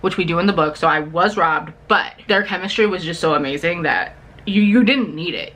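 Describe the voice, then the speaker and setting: A woman recapping a TV series in a casual, gossipy vlog, animated and swearing freely. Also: fairly low pitch. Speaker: book and TV vlogger.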